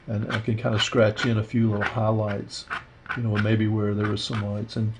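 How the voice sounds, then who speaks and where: A man teaching a watercolor painting demo, talking through his steps in a relaxed, rambling way with lots of fillers. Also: fairly low pitch, normal speed, background noise. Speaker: art instructor. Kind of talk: casual painting demonstration.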